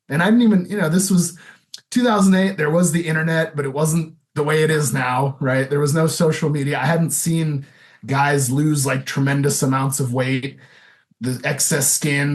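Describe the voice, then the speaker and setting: A man in his thirties with a fairly high voice speaks at a moderate pace. As a podcast guest telling his own story, he's candid and loose in a casual interview, sprinkling in lots of "you know" and "like".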